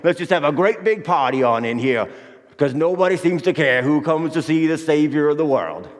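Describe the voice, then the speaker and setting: A man's voice: fairly high pitch, animated, moderate pace, close to an everyday voice. An actor playing Joseph as a folksy, anxious young father, drawling with country grammar, in a church Christmas monologue. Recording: echoey church hall.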